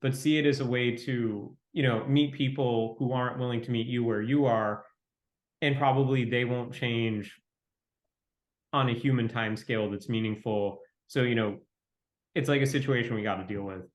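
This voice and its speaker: A man speaking as an interview guest, talking quickly in a fairly flat, reflective way. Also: mid-range voice. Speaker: venture capitalist guest. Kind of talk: conversational interview. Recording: roomy echo.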